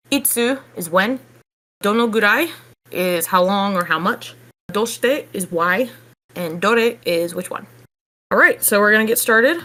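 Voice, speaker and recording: A woman with a medium-pitched voice teaches a casual online language lesson. She explains things in a relaxed, chatty way, sprinkling in casual fillers.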